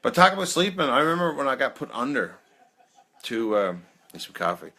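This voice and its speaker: A man in his thirties hosts a live peer support chat with a medium-pitched, sing-song voice that's fairly quick, bright, and forceful. He laughs often, says "man" a lot, and tells personal stories that drift and ramble.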